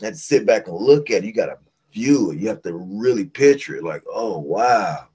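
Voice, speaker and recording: A middle-aged singer from West Virginia, USA, speaks briskly in a fairly low voice with a breathy edge. As a guest in a casual interview, he tells stories animatedly and acts out the voices he quotes.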